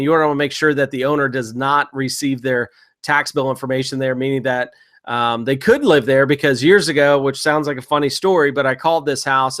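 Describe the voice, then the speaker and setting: A man walking viewers through real estate software in a screen-share tutorial, talking casually and coaching them through sample phone calls. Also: mid-range voice.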